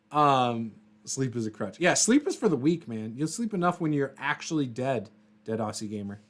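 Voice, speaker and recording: A man hosting a relaxed livestream chat about tabletop games, with a voice of ordinary middle pitch. He rambles and laughs often, with fillers and false starts, and drifts from point to point as he reacts to viewers. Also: a little slow. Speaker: host of a tabletop RPG livestream. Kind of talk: casual livestream chat, reading viewer comments.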